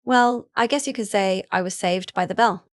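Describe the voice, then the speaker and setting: A woman's voice: medium pitch, normal speed, no echo. A woman narrating a first-person story in a casual, chatty way with asides to the listener.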